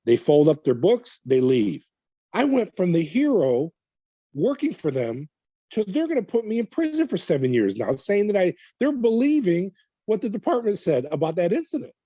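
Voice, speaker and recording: A man recounts his experience as a guest in an interview, slipping into the voices of the people around him as he goes. His tone is very dark and mellow with a husky edge, heard dry and slightly dull. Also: sits high, normal speed, no room sound. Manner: animated retelling with quoted dialogue. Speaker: guest, former corrections officer. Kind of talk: storytelling in an interview.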